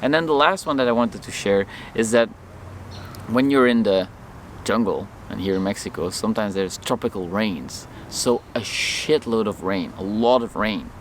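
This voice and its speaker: A man vlogging outdoors, telling a personal story to camera in an animated way and acting out the lines of people in it. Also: lowish voice, moderate pace, slight background noise. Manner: animated, acts out his own and others' lines in the story.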